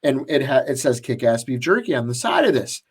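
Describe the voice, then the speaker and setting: A man's voice: mid-range voice, very animated, brisk, husky. A man co-hosting a podcast, telling a long story in casual chat with lots of restarts and fillers. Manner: rambling, many restarts and fillers. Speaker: podcast co-host.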